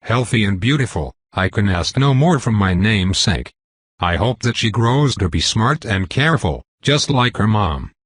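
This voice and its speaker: A man reading the lines of a tired but excited young mother with a newborn, eager and warm. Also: on the low side, normal speed, husky, dry recording. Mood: proud.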